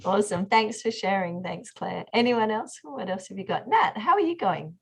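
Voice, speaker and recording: A woman leads an online workshop over a video call. She talks in a loose, chatty way, full of fillers and restarts, at a middling pitch. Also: lively intonation, normal speed, gravelly, slightly rough. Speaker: workshop host.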